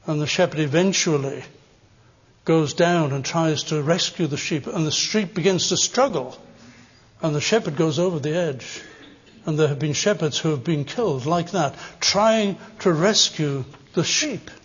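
An older man delivers a sermon in a high, husky voice, leaning hard into repeated phrases. The sound is dull and muffled, with a long reverb trailing through a large hall. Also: moderate pace. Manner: earnest, rising to emphatic stresses on repeated phrases. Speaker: preacher.

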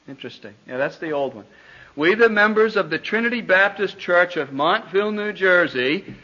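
A man teaching a church congregation, speaking deliberately, restarting phrases and putting questions to his listeners, on a dull lo-fi recording. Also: fairly high pitch, bright, forceful tone. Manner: deliberate, repeats words, questions the audience. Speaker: pastor teaching a church class.

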